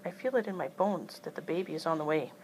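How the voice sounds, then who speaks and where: A woman's voice: low-pitched, lively intonation, quick pace, slight background noise, poor audio. A woman voicing a tiny, determined elderly aunt who talks stubbornly and emphatically. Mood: insistent.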